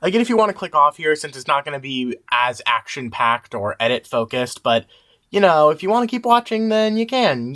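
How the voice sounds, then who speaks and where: A woman reacting to a video game playthrough, excitable and often sarcastic. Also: sits low, a little fast. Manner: excitable, shrieking cheers and laughter. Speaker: gamer.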